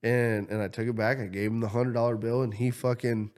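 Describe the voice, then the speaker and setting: A podcast co-host with a medium-pitched, fairly quick voice tells a story in casual chat. He's animated, swears freely, and acts out the people in it by performing their quotes.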